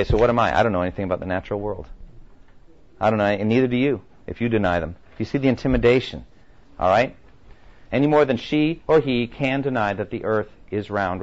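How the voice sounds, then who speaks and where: A man leads a lecture-style class with an emphatic delivery and a steady stream of rhetorical questions. His voice leaps up and down in pitch. The recording is muffled and lo-fi. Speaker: Bible class teacher. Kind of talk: lecture with read-aloud quotes.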